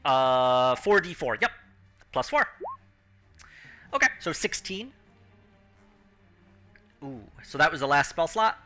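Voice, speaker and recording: A man narrating as game master of a tabletop game, acting out the crowd and announcer in an animated way. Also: on the high side, slow, pauses often, soft background music.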